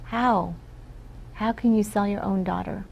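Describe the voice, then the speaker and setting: Earnest woman with a gravelly voice. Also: medium pitch, steady tone, measured pace, a little hiss or hum, low-quality recording. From Philippines. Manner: earnest storytelling, often tags "right?". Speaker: guest. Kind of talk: casual interview talk.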